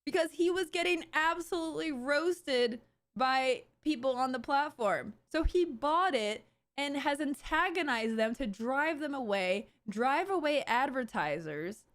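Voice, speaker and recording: A woman with a high, bright-pitched voice reacting live on stream. She rants sarcastically, piling up fillers and restarts as she riffs on what she's watching. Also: animated, unhurried. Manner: sarcastic, ranting, full of fillers. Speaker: streamer host.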